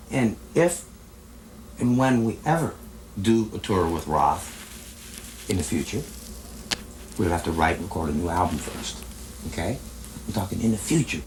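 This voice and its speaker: Halting low-voiced musician, man. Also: big pitch swings, a little mellow, slight background noise, poor audio. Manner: halting, full of fillers and restarts. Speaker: band musician being interviewed. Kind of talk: candid TV interview.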